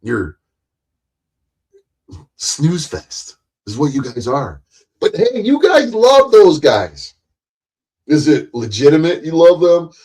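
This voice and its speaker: A man's voice: mid-range voice, gravelly. A man, hosting his own live stream and ranting at his audience in a profane, combative, mocking way. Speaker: livestream host.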